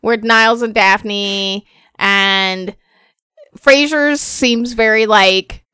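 A woman co-hosting a casual podcast, animated and giggly, telling stories with lots of fillers. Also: mid-range voice, extremely slow, clean tone, dry recording, clean studio sound. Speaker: podcast co-host.

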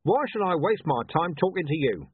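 A man voicing a sharp, blunt watch commander. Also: a little high, very animated, normal speed, breathy edge, no room sound, pitched above the performer's own voice. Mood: curt. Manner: sharp and demanding. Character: blunt, irritable middle-aged male watch commander. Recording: tinny, dry, phone-like sound.

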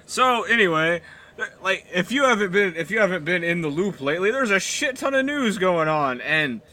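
A man's voice: sits high, animated, moderate pace, sharp tone. A man hosting a comedy podcast, crude and joking, sometimes putting on a mock newscaster delivery. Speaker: podcast host. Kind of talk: casual comedic banter.

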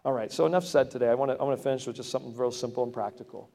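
A man's voice: medium pitch, very fast, creaky, warm tone. A man preaching a sermon to his congregation, talking in a conversational way that climbs to emphatic peaks. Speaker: pastor. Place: church sanctuary. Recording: long hall reverb.

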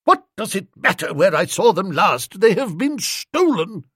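Man putting on a haughty domineering aunt, high and snapping, lively swings, very dry sound. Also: unhurried, breathy edge, no echo, exaggerated voice. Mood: imperious. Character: imperious older aunt, woman, domineering.

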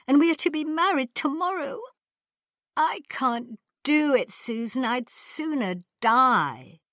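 A woman's voice: on the low side, sing-song, moderate pace, husky, dry recording, clean studio sound. A woman voicing a tearful young noble bride-to-be, pleading and wailing. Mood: distraught.

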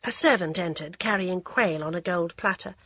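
Husky woman reading a novel aloud. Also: on the low side, normal speed, pushed and bright, no echo. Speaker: narrator. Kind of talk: audiobook narration.

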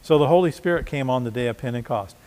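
Male pastor, mid-pitched voice, conversational sermon, restarts, long hall reverb. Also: fast talker, darkish tone. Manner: conversational preaching with repeated restarts. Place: church.

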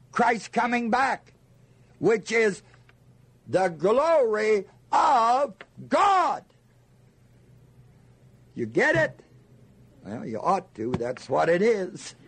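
A man's voice: high voice, a bit bright, breathy edge. An older man teaching a Bible lesson to a listening group, asking them questions and answering himself with emphasis. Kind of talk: sermon teaching.

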